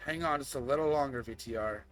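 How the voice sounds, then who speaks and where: A man voicing a gentle, apologetic young woman in a lab scene of a dating game. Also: mid-range voice, fast, faint music behind, close to an everyday voice.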